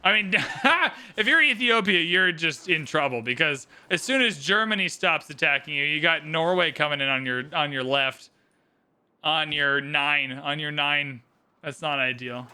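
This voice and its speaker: A man commentating a live game stream, excitable and theatrical, swinging from shouts to mumbled asides. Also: a little high, unhurried, clear, resonant tone. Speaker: livestream host commentating an AI game tournament.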